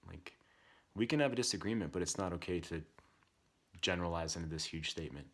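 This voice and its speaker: A man with a very low voice tells a parenting story in a relaxed, candid way. He reflects openly as he talks. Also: fast talker. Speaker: podcast host. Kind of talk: casual storytelling.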